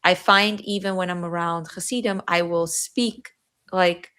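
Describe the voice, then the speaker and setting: A woman's voice: fairly low pitch, fairly even intonation, a little slow, pushed and bright, smooth. A woman with a Yiddish accent, Yiddish as her first language, chatting as a podcast guest and often breaking off mid-sentence. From New York, USA. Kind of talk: podcast conversation.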